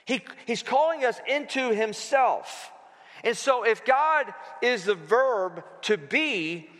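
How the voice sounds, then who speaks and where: A man with a high, bright voice preaches to his church in a loose, conversational way. He jokes and calls on the congregation to answer back. His voice rings with a long hall reverb. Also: animated, slow pace. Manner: conversational, playful preaching with call-and-response. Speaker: pastor. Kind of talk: sermon. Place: church sanctuary.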